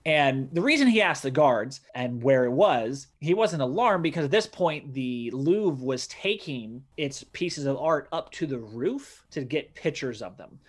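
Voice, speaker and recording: A man's voice: fairly high pitch, a little slow, few pauses. A young man co-hosting a podcast, casually retelling a history story and acting out the people in it. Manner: relaxed, acts out voices in retellings. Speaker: podcast co-host.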